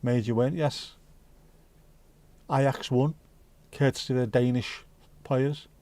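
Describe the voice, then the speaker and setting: A livestream host from Liverpool talks slowly in a medium-pitched, dark voice with fairly even intonation and no echo. Reading out viewer comments, he chats casually and jokily, rambling and swearing as he pleases.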